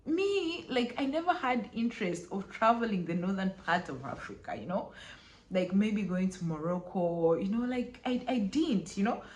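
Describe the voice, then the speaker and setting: A young woman chatting casually through a travel vlog, full of fillers and quick laughs. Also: mid-range voice, big pitch swings, a little mellow. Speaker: travel vlogger. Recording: echoey room.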